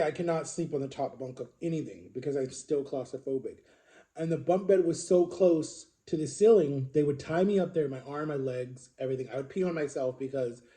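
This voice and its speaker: A man telling a personal story to camera in an earnest, halting way, with frequent fillers. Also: mid-range voice, mellow. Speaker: vlogger.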